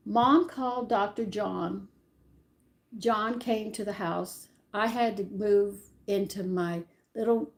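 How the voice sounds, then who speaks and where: Older woman telling animated childhood stories. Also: mid-range voice. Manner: rambling, animated, corrects herself mid-story. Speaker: channel host. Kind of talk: personal storytelling.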